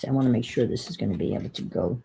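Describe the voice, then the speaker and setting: There's slight background noise as this vlogger talks very fast in a rumbling low, gravelly, dark-toned voice. Crafting on camera, she chats casually, thinks out loud, and recounts a story with exasperation.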